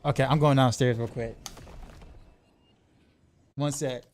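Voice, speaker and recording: A man streaming a game, chatting casually with viewers in an excitable, rambling way, often tripping over his words and restarting sentences. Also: mid-range voice, takes it slowly. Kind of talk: casual livestream chat.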